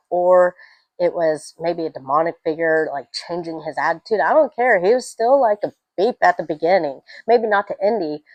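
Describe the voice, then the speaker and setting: A young adult woman giving a casual, rambling film review, telling stories with animated swings and tangents. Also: medium pitch, dry recording, rough recording.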